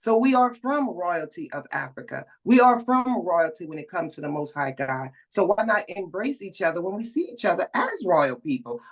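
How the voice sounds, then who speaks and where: A woman filmmaker talking as a guest in a casual conversation, warm and affirming, often agreeing with the host. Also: lowish voice, sing-song, moderate pace, few pauses, rough recording.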